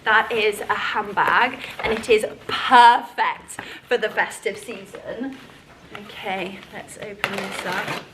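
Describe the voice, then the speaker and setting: A woman's voice: mid-range voice, steady tone, takes it slowly, fairly bright tone, slight background noise, rough recording. A woman chatting casually and gushing as she unboxes things at home. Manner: gushing, effusive. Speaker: vlogger.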